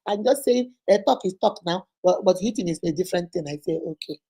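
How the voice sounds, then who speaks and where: Husky woman telling a story. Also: fairly low pitch, fast talker. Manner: animated, dramatic storyteller. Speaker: host. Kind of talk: storytelling live stream.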